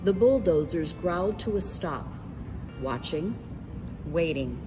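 A woman's voice: fairly low pitch, expressive, slow pace, over music. A woman reading a children's picture book aloud, narrating expressively and voicing the characters.

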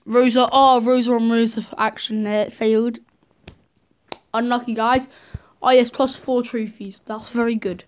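A woman hosts live gameplay commentary, her voice sitting a little higher than most. She is excitable and quick to react, cheering on and scolding her teammates as the match unfolds. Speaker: gaming video host.

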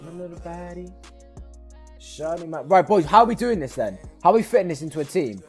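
A man, commenting excitably as he opens football game packs for his stream viewers and yelling at big pulls. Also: a little high, quick pace, faint music behind. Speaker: gaming streamer. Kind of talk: excitable pack-opening commentary.

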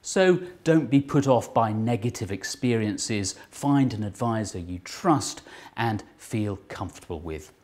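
A presenter reads a scripted report with a lively, varied pitch. The delivery is clear and informative. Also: measured pace. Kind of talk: scripted narration.

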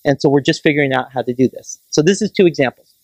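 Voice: medium pitch, quick pace, darkish tone, dry recording. Enthusiastic astronomer lecturing, dry sound. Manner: enthusiastic, keeps checking in with the audience with "right?"; explains in plain everyday comparisons. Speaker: staff astronomer giving a public lecture. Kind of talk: public science lecture. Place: planetarium lecture.

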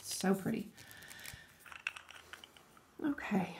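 Woman nail-art vlogger, casual and excitable, thinks aloud, a touch high-pitched. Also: normal speed. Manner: chatty, enthusiastic, thinking aloud. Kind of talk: casual tutorial chat.

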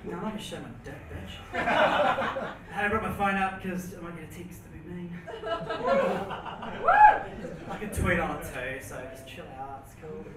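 Young Kiwi male stand-up, nervous and rambling, high-ish voice, distant roomy live recording. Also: normal speed, long pauses. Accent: New Zealand. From New Zealand. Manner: nervous, rambling, laughs at own jokes. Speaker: stand-up comedian. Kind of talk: stand-up set. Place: comedy venue with audience. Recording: roomy, distant mic with background noise.

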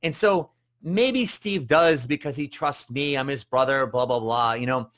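A man's voice: a little slow, fairly bright tone. Chatty rambling male coach. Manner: chatty and rambling, with many fillers and restarts; acts out quoted voices with jumps in pitch. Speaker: business coach and show host. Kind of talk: casual live-show monologue.

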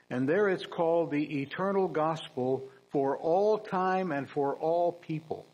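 A man preaching a sermon in a church, earnest and emphatic, with dry humorous asides and frequent throat-clearing. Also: fairly high pitch, measured pace, few pauses, a little mellow, rough recording.

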